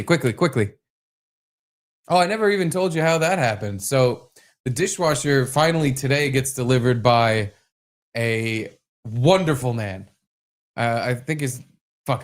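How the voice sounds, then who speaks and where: Profane storytelling male podcast co-host. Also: mid-range voice. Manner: profane, acts out quoted voices in stories. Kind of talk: casual chat.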